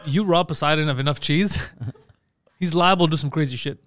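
A man with a notably high voice banters with his friends, cutting in with quick mocking one-liners. His tone stays loose and joking. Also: a bit bright. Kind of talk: casual banter.

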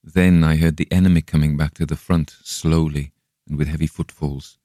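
A man reading a gothic tale aloud in the first person, measured and suspenseful, on a close microphone. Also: a bass voice, flat delivery, warm tone, dry recording. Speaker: audiobook narrator. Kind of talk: storybook reading.

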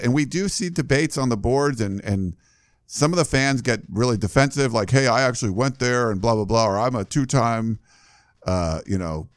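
A man's voice: fairly low pitch, no echo, studio quality. A man hosting a casual sports podcast, talking loosely with many fillers and restarts about fandom. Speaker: podcast host running a fan message board.

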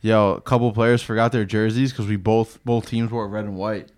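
A young man relaxed and telling a story in casual chat. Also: fairly low pitch, moderate pace.

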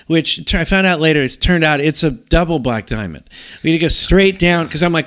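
A middle-aged man telling a long story in casual talk, rambling and animated, with many restarts. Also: fairly high pitch, a little fast.

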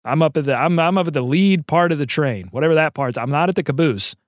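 A man's voice: on the high side, fast talker, no echo, clean studio sound. A man co-hosting a sports podcast, talking in a loose, joking, rambling way about basketball. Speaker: podcast co-host. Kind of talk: casual sports podcast chat.

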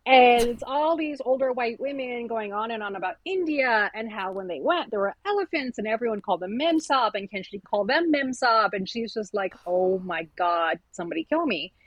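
A woman's voice: a little high, a little fast, hardly any pauses, no room sound, muffled recording. A woman author talking candidly in an interview, telling stories and acting out quoted remarks. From South Asian family. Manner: candid, animated storytelling with quoted asides. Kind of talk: conversational interview.

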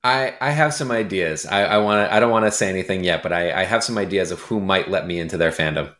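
Fast-talking low-voiced man, echoey room. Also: a bit bright. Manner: quick, jokey, laughs easily. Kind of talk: casual sports podcast chat.

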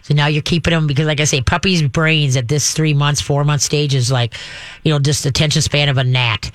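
A man hosting a call-in radio show as a dog trainer, animated and acting out little voices for dogs and owners. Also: brisk, no echo. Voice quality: says he has a deep voice. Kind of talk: call-in advice talk.

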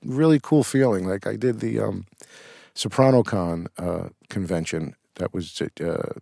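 Gravelly middle-aged guy, rambling, swears casually, dry mic. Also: on the low side, lively intonation, measured pace, warm tone, no echo. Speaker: actor, interview guest. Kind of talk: casual interview storytelling.

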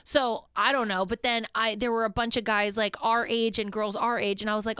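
Bright, animated woman telling a story. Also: on the high side, quick pace, hardly any pauses, smooth, no echo. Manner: animated, swearing, acts out dialogue. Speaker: podcast co-host. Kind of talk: casual chat, storytelling.

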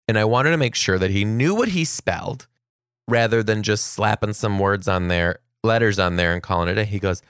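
A young adult man hosts a comedic podcast, talking in a lively, storytelling way and leaping up high whenever he quotes a child. His voice sits on the low side with a gravelly, fry-laden edge. The sound is dry and close, with no room around it. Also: moderate pace, no echo. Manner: animated, jumps into high-pitched voices for quoted kids. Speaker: podcast host.

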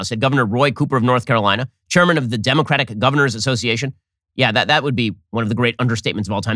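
A man's voice: medium pitch, a bit bright, dry recording, studio quality. A man hosting a political commentary show, reading news excerpts aloud and answering them with combative sarcasm. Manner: sarcastic, combative, rapid-fire delivery.

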